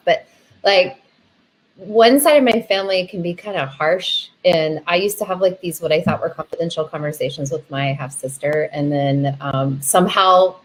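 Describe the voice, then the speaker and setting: A woman's voice: on the low side, low-quality recording. A woman on a livestream panel telling a personal story in a hesitant, earnest way. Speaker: podcast panelist. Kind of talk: casual chat.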